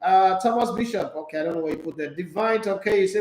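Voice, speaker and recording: A playful Nigerian man hosts a sports talk stream, bouncing between English and Pidgin as he reads out viewer messages. His voice sits high for a man. The sound carries a noticeable room echo. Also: fast, few pauses. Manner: playful, animated, slipping into Pidgin. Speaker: sports talk show host. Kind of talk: casual live-stream chat reading viewer comments.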